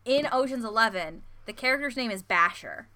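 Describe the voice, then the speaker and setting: A woman's voice: a little high, lively intonation, fairly quick, bright, forceful tone. A woman in casual chat, searching for words as she talks.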